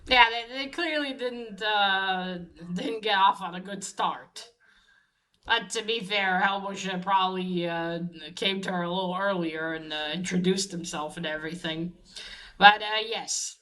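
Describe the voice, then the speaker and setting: A woman's voice: mid-range voice, measured pace, sharp tone. A woman giving a casual, rambling recap of a comic, with many fillers and restarts and the odd swear. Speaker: comic reviewer.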